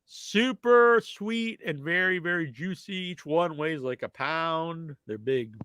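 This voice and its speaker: A male podcast host with a congested, stuffed-up nose, chatting loosely and filling gaps with ums and likes. His voice sits a little high, and the sound is dry and close, with no room around it. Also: takes it slowly, sharp tone, clean tone, no echo. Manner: rambling, filler-heavy answers to viewer questions. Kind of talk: casual live-stream chat.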